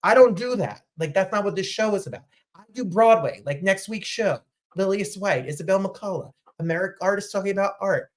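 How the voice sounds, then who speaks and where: A man from New Jersey hosting a talk show, chatting casually with gushing, animated asides. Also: sits high, a little fast. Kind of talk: casual livestream chat.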